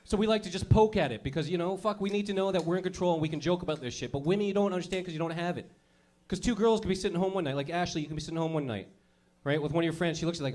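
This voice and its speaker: A man's voice: sits high, lively intonation, fast talker, darkish tone. A man doing a crude, brash stand-up comedy routine, acting out little scenes as he goes. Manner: crude, brash, acts out characters.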